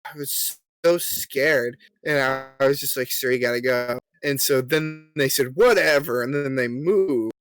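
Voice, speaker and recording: A man's voice: medium pitch, fairly even intonation, measured pace, slight background noise. A young man co-hosting a podcast, telling a story in casual chat with lots of ums and acting out the quoted lines. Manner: filler-heavy, polite, acts out quoted lines. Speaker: podcast co-host.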